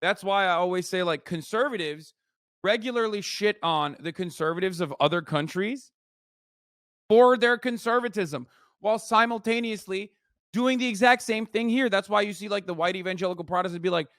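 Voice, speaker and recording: A man's voice: high-pitched, a little fast, a bit bright, no room sound, studio quality. A man streaming his reaction to a video, ranting animatedly and sarcastically with lots of swearing. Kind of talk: casual profane commentary.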